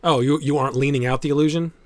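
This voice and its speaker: A man's voice: on the high side, steady tone, rapid-fire, no echo. A man running a tabletop game as game master, narrating casually with frequent laughs and loose restarts.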